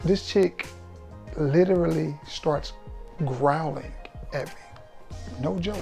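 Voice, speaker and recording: Southern man, fragrance vlogger, mellow tone, cocky but friendly banter, faint music underneath. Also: on the high side, slow pace, gravelly, pauses often. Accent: Southern American. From Alabama, USA. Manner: chatty, joking and self-assured. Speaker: fragrance reviewer. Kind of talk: casual storytelling vlog.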